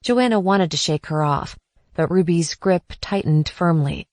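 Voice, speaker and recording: A woman narrating a post-apocalyptic audiobook in a measured, even reading. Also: fairly low pitch, no echo. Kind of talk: scripted narration.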